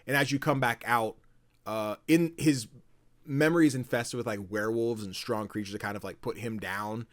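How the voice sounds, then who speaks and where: A man in casual podcast chat, retelling game stories in an animated way and acting out the characters' lines. His voice sits in a middle range, recorded close and dry with no room sound. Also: medium pitch, moderate pace, no echo. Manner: animated storytelling, acts out quotes, swears casually. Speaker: podcast co-host.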